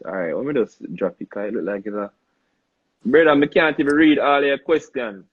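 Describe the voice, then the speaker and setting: Young Jamaican male host, husky, loose patois banter over a lo-fi live stream. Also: mid-range voice, expressive, fairly quick. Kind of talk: casual live-stream interview.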